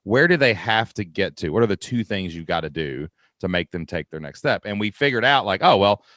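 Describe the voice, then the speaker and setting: Chatty, low-voiced podcast host from Kentucky. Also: male voice, animated, fairly quick, a bit bright, no echo, studio quality. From Kentucky, USA. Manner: chatty, laughs often, lots of "like" and "right?". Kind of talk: podcast interview.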